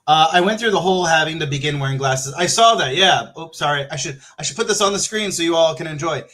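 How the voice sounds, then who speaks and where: A man hosting a casual livestream, talking in an excitable, joking and profane way. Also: a little high, fast. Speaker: livestream host.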